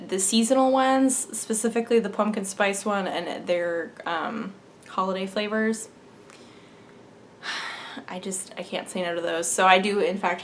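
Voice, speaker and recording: A woman's voice: medium pitch, a little hiss or hum. A young adult woman hosting a knitting podcast, chatting casually and bubbly, laughing often. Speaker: podcast host. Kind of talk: casual chat.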